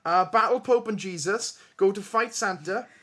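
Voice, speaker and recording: A man's voice: sits high, normal speed, sharp tone. A man hosting a casual quiz podcast, reading out odd stories and laughing at the absurd parts. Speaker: quiz host.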